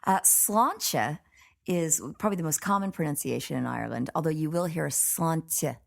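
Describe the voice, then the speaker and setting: A woman's voice: deep voice, lively intonation, rapid-fire, vocal fry, a little mellow. A woman explaining words and their pronunciation patiently as a teacher. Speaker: Irish language teacher. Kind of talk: casual teaching chat.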